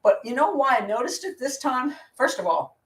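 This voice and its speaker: A woman's voice: sits high, expressive, normal speed. Blunt woman talking far from the mic. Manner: blunt, opinionated, rambling with restarts. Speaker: criminal profiler hosting a live Q&A. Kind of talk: casual live commentary. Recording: roomy sound from a distant mic.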